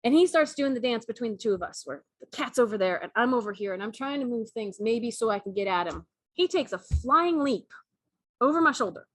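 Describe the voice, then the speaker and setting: Woman, co-host, lively storyteller, laughs a lot, slightly high voice, dry close sound. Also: dry recording. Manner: animated, laughing, acts out cat and mouse voices. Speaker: podcast co-host. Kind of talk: casual storytelling chat.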